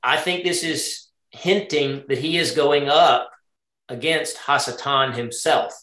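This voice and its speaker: A man's voice: on the high side, slow, bright, forceful tone, echoey room. A man leading an interactive Torah study lesson. He thinks aloud, often asks his group questions and checks they are following along. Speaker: Bible study teacher.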